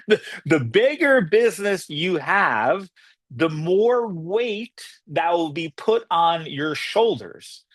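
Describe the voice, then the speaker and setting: A man delivering a motivational business talk in a fairly high voice. He speaks conversationally and repeats himself for emphasis, slipping into other people's reactions as he goes. The sound is dry and close. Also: big pitch swings, slow, a bit bright, dry recording.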